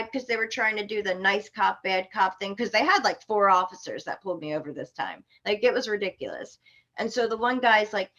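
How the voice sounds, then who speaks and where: A woman's voice: mid-range voice, fairly quick. Indignant woman telling a story. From Florida. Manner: animated, indignant retelling with sharp outbursts. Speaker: podcast guest. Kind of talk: casual storytelling.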